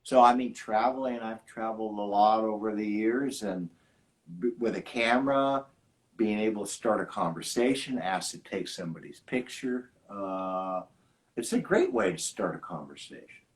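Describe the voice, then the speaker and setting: Older guy w a lowish voice, talks slow and thoughtful, lots of uhs. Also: expressive, poor audio. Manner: thoughtful, halting, many fillers. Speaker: guest, film lab owner. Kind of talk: casual conversation.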